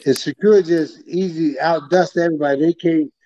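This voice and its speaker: A middle-aged host and former champion gives advice slowly, repeating himself. His voice sits a bit high and sounds dull and dry, with no room around it. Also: fairly even intonation, dark tone, dry recording. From New York. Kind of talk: casual podcast interview.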